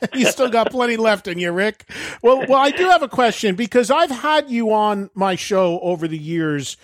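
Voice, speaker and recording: High-voiced chatty male radio host. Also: animated, normal speed, no room sound, studio quality. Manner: chatty and effusive, laughs easily. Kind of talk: casual interview.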